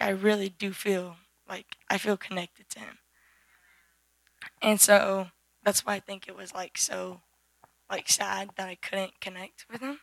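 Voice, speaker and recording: A teenage girl with a hoarse, worn-out voice, giving a rambling personal testimony at a church service on a handheld mic, full of fillers and restarts. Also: mid-range voice, a bit bright, dry recording. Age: teens. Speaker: youth group member giving testimony. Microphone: handheld microphone.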